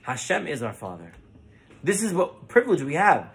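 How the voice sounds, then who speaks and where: Animated rabbi, high lively man's voice. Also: normal speed, gravelly, breathy edge. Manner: animated, mixes Hebrew terms into English. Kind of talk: Torah lesson with storytelling.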